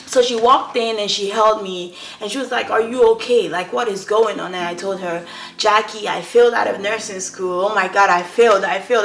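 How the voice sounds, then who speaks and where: A young Nigerian woman vlogs in a mid-range, fairly bright voice, recorded with a roomy echo. She earnestly shares a personal story with her viewers, often checking in with them as she goes.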